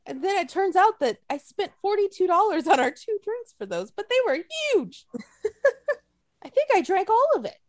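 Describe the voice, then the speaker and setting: A woman's voice: extremely high pitch, normal speed, dry recording, studio quality. A woman co-hosting a casual chat, telling stories with lots of swearing and acted-out quotes. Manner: animated storytelling, swears a lot, acts out quotes.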